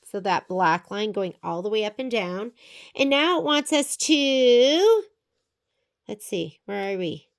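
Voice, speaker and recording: A sewing instructor leads a quilting tutorial in a medium-pitched, expressive voice, taking her time. She's chatty and thinks aloud, narrating each step as she works.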